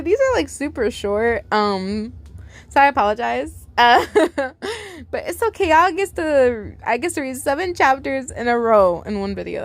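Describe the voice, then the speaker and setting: A woman's voice: fairly high pitch, dry recording. Giggly young woman reading fan fiction. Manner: giggly, chatty, rambling.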